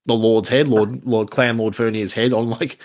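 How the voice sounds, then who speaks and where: A man's voice: medium pitch, little pitch movement, moderate pace. A man hosting a casual podcast, rambling and swearing, often restarting his sentences.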